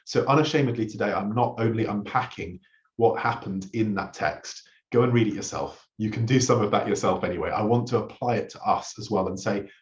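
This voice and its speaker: Male pastor, mid pitch, preaching in a roomy, muffled church recording; earnest storyteller. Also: a little fast. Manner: earnest storytelling, acts out quoted lines. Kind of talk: sermon. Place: church hall.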